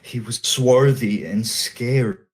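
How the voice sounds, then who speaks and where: A man's voice: mid-range voice, steady tone, takes it slowly, a little hiss or hum, lightly acted. A man voicing a fretful townswoman who speaks in a reproachful way.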